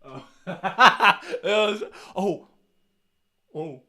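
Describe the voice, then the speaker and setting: A man's voice: sits high, animated, extremely slow, sharp tone. A man co-hosting a casual live stream, laughing often and coaxing his partner along.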